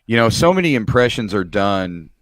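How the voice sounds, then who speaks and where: A man, a comedian hosting a podcast, talking in a relaxed, frank way and swearing casually. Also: fairly low pitch, normal speed, no room sound.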